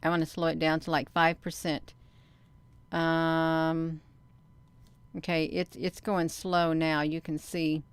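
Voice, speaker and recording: A vlogger with a low, very smooth, resonant voice comments casually on her own sky footage, speaking straight to "you all." She takes it slowly with little pitch movement, pausing often and rambling with fillers and restarts. The recording is dry and close, with no echo.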